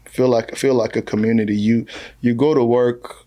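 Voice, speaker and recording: A man's voice: medium pitch, normal speed. A man from Nigeria, a comedian, telling jokes and stories in a casual podcast conversation. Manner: jokey, animated storytelling with voiced asides.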